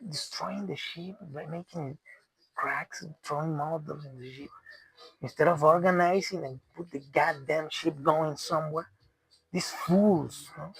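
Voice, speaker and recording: Gravelly, exasperated man. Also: on the high side, low-quality recording. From Mexico. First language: Spanish. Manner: profane, exasperated, rambling with restarts. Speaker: commentator. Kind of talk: unscripted rant.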